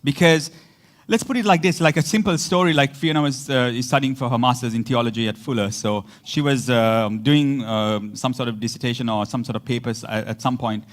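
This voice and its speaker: A man's voice: mid-range voice, fairly quick. A man preaching a casual, conversational sermon, laughing often and acting out the people he quotes. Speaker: pastor.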